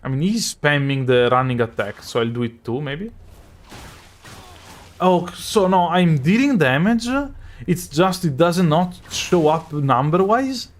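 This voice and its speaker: A man's voice: a little high, measured pace. A man from Northeast Italy with a Northeast Italian accent, whose first language is Italian, streaming a game and rambling in casual asides while he plays. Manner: chatty, rambling asides between game reactions. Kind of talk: casual live gameplay commentary.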